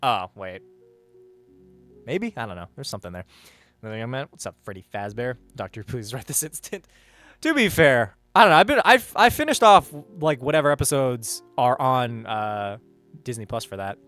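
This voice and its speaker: Rambling man with a lively voice. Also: medium pitch, moderate pace, faint music behind. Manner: rambling, hesitant, swears casually. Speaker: livestreamer reading chat. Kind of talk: casual livestream chat.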